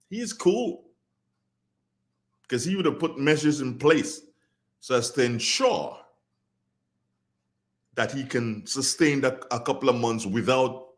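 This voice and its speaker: Animated Grenadian radio host. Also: male voice, fairly high pitch. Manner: animated, preachy, repeats phrases for emphasis. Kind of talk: radio talk show commentary.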